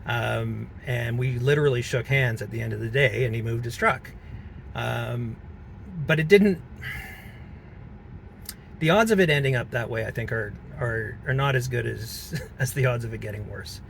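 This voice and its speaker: Man, gravelly, earnest and halting, vlog from a car, faint vehicle hum behind. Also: medium pitch, a bit bright. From Canada. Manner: earnest, halting, with many fillers. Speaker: EV vlogger. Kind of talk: reflective personal vlog.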